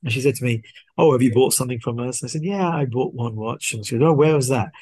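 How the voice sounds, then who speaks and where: A man, a podcast guest, casually telling a story and acting out the dialogue in an animated way. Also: mid-range voice, quick pace, husky, no echo. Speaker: guest watch collector.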